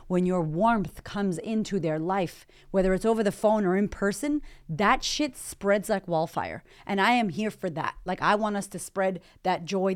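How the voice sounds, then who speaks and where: A woman hosting a podcast, giving an energetic, profane motivational talk. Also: medium pitch, smooth. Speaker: podcast host. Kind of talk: motivational monologue.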